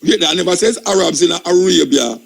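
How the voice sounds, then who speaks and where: A man's voice: sits high, expressive, brisk, gravelly, husky, rough recording. A man with a Jamaican accent hosting a radio talk show, arguing insistently, interrupting and repeating himself. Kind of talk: heated radio debate. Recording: radio broadcast.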